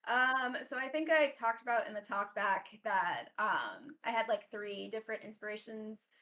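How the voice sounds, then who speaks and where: A woman's voice: mid-range voice, expressive, normal speed, sharp tone. A woman guest on a podcast, chatting casually and rambling with lots of ums and self-deprecating asides. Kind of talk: casual chat.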